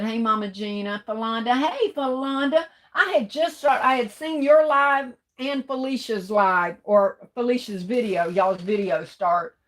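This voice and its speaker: Chatty woman greeting viewers on a livestream. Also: medium pitch. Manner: chatty, greets viewers warmly with "hey, baby". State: fighting off coughs and sneezes. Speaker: livestream host. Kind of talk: casual live chat reading comments.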